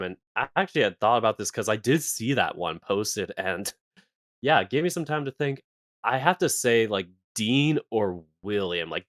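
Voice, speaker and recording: A man with a somewhat low voice chats as a guest voice actor on a podcast. He is chatty and laughs easily. The sound is close and dry. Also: fairly bright tone, no echo. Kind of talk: casual roundtable chat.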